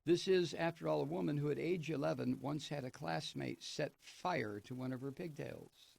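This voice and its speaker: Gravelly, profane political radio host. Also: male voice, on the high side, normal speed, darkish tone. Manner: sardonic, profane ranting. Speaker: radio talk show host. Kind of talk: political commentary, reading and remarking on an article.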